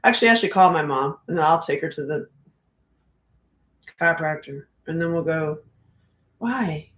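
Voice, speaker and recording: A woman's voice: deep voice, moderate pace, a bit bright, reverberant, rough recording. A middle-aged woman hosting a casual livestream, chatty and joking as she reads comments aloud. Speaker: livestream host.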